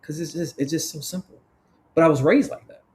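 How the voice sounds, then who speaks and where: Man from Florida, podcast guest, upbeat, repeats himself, a bit high-pitched. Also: fairly quick. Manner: upbeat, gives shout-outs, repeats phrases. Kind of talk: casual podcast chat.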